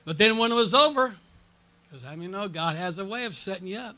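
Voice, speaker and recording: Preaching at a conference, this man tells stories and keeps the crowd answering back, often checking in with "okay?" and "amen?" He sounds high-pitched, animated and fast, with a pushed, bright tone over slight background noise.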